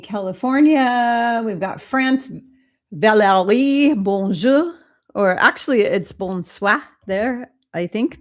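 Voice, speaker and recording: A woman from Minnesota hosting a spiritual live-stream Q&A, chatty and casual, with drawn-out greetings and frequent ums as she reads out viewers' names. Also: medium pitch.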